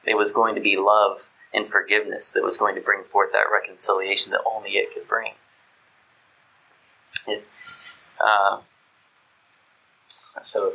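A man teaching from scripture in a bright, forceful voice that stays mostly level. He talks conversationally, often checking in with "right?" and restarting mid-thought as he works through the passage. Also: fairly low pitch, creaky, poor audio. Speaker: Bible teacher. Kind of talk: scripture reading and Bible study teaching.

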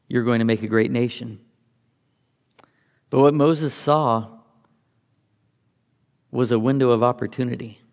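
Male Bible teacher, gravelly, mid-pitched, conversational explainer; long hall reverb. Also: a little mellow. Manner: conversational, thinks aloud while explaining.

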